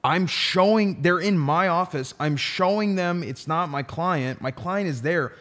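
A man's voice: high voice, measured pace, fairly bright tone. A man who is a defense attorney, telling a story in a casual podcast chat with emphatic, profane language.

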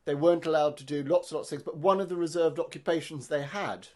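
A man's voice: a little high, quick pace, a little mellow. A man hosting a book podcast, asking questions in a hesitant way, often restarting and repeating words. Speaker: podcast host. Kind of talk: interview questions.

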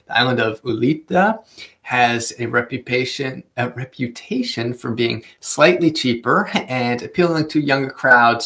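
A man's voice: mid-range voice, a bit bright. A man talking casually as a travel vlogger, giving tips in a chatty way with many fillers and careful Spanish pronunciation. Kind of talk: casual travel guide talk.

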